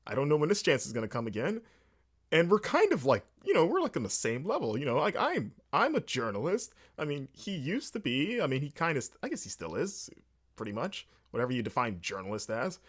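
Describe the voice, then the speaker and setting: A man's voice: on the high side, brisk, breathy edge. A man hosting a casual games talk show, telling an anecdote with many fillers and restarts and acting out bits of dialogue. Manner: animated storytelling with many fillers and restarts, acting out quoted exchanges. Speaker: host. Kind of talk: casual rambling monologue.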